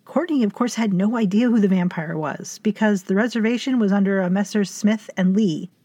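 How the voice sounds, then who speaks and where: A woman's voice: mid-range voice, moderate pace, warm tone, no echo. Dry, wry woman storyteller, very close. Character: vampire hotel owner narrating in first person. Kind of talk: scripted fiction narration.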